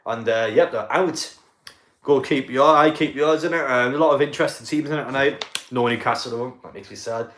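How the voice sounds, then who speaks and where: A man's voice: mid-range voice, fairly even intonation, fairly quick, a bit bright, reverberant, slight background noise. Chatty man streaming live football commentary. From North East England. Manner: chatty, swearing, laughing at the match.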